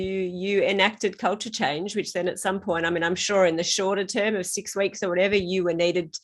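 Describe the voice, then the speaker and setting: A woman hosting an interview over a video call, encouraging and affirming. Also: fairly low pitch. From Australia. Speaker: interview host. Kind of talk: interview chat.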